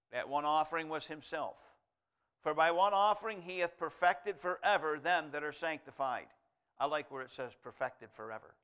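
A male preacher giving a sermon, reading scripture aloud and moving from quiet asides to loud, emphatic declarations. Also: fairly high pitch, clear, resonant tone. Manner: reads scripture aloud in King James wording.

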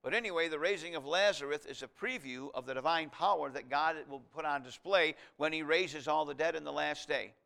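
Smooth high-voiced male preacher. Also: fairly quick, few pauses. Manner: expository Bible teaching, reads scripture aloud, swells loud on key lines. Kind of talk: sermon.

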